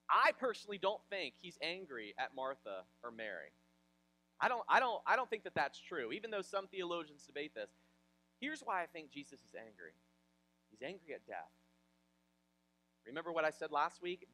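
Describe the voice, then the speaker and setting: A male pastor from Ohio delivers a sermon in an animated, conversational style. His voice sits high and swings widely in pitch. The tone is bright and forceful as he tells personal stories. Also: low-quality recording. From Ohio, USA.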